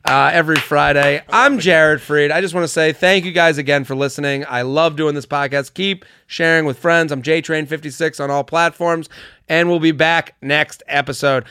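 Man, podcast host, easygoing, slightly high voice. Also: fairly even intonation, moderate pace, background noise. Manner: easygoing, agreeable, hedging. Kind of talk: casual podcast chat.

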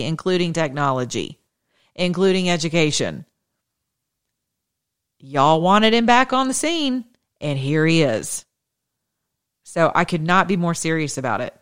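A show host delivers a fervent call to action that blends politics with scripture, in a mid-pitched voice. The host drives each point home through emphatic repetition and a preacher's cadence. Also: clear, resonant tone.

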